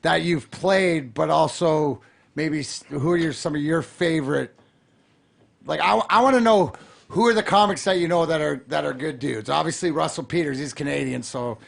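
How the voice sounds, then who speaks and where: A man's voice: on the high side, moderate pace, creaky. A man hosting a podcast, asking rambling questions in casual chat. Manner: rambling, restarts his questions. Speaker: podcast host.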